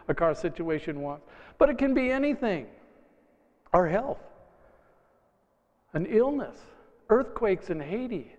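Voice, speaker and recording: Pastor guy preaching, kinda high voice, chatty and punchy, long church echo. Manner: conversational, emphatic preaching with lively asides. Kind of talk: sermon. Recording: dull reverberant church recording.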